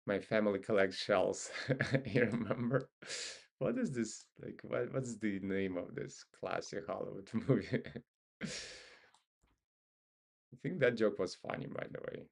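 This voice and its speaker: Man with a Russian accent, deep gravelly voice, unhurried, offhand trading commentary. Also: expressive. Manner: laid-back, muttering to himself, joking. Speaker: stock market streamer.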